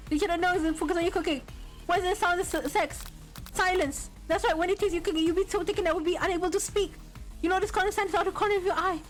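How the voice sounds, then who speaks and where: A woman VTuber streaming a game, reading its text aloud and bursting into loud outcries and laughter. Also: very high voice, fast talker, soft background music.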